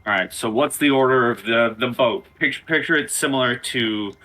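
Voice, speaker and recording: A man running a tabletop game as game master, calmly explaining the setup step by step. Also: mid-range voice, moderate pace.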